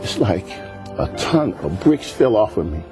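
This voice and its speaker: Deep-voiced man telling his testimony. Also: sing-song, a little slow, music in the background. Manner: earnest storytelling, acts out quoted voices. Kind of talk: testimony in a TV interview.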